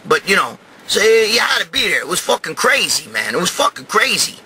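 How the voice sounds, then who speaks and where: Loud, profane New York Italian man. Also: high voice, very animated, brisk, a little hiss or hum, low-quality recording. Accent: New York Italian-American. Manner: profane, rambling, swings to loud shouting. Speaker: show host telling a story. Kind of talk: crude comic storytelling monologue.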